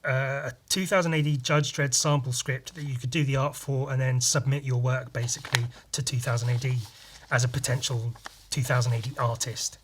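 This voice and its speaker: A young man hosting a podcast, chatting casually and hesitantly about his old comic drawings, filling pauses with ums and throwing in quick sound effects. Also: mid-range voice, level tone, slight background noise. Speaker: podcast host. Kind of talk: casual chat about his own artwork.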